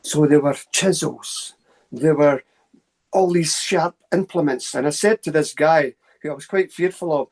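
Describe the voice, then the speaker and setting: A Scottish man, a guest on an interview show, telling anecdotes in a fast, animated way with asides. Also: on the high side. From Scotland. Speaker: guest, paranormal researcher. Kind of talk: casual storytelling interview.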